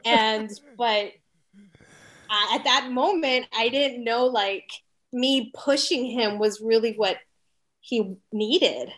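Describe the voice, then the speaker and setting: A woman's voice: a little high, slow pace, a bit bright. A woman in her forties from Texas, an orchestra conductor and teacher, telling stories in a casual interview and acting out the voices she quotes.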